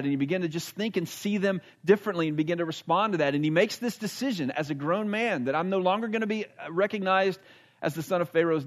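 Male pastor, earnest emphatic sermon delivery, hushed dramatic drops, voice on the higher side.

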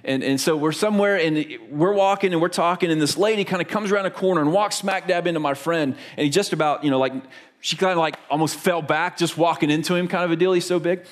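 A man's voice: a little high, fast talker. A man in his forties from Florida, preaching a sermon in a chatty, storytelling way and asking the congregation questions. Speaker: pastor.

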